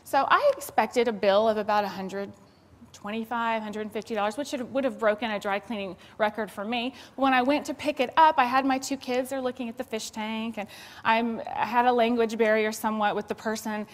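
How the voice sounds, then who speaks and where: A woman from Texas with a Southern accent tells a story to a crowd, acting out her own flustered voice as she goes. Her voice sits a little high. Her words ring out with a long reverb in a big hall. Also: fairly quick. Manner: animated storyteller, acts out her own panicked voice. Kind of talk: storytelling talk to an audience.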